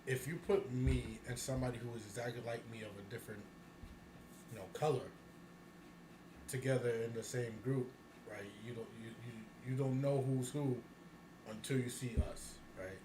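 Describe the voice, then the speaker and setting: A man's voice: mid-range voice, fairly even intonation, normal speed. A man co-hosting a casual talk show, ranting bluntly with plenty of profanity and bursts of laughter. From United States. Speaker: podcast co-host. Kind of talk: casual chat. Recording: echoey room with noise.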